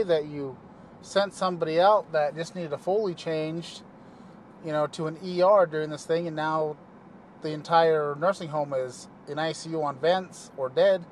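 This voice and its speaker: A man who works as a paramedic vlogs casually to the camera from inside his car as he drives, his voice fairly high and slightly mellow. He talks loosely, often trailing off into filler words, with a little background noise.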